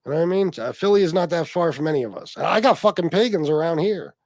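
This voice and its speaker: A man's voice: a little high, fast, darkish tone, dry recording, clean studio sound. A man hosting a livestream, chatting casually and rambling, swearing often and laughing as he reads comments from his viewers. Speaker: livestream host.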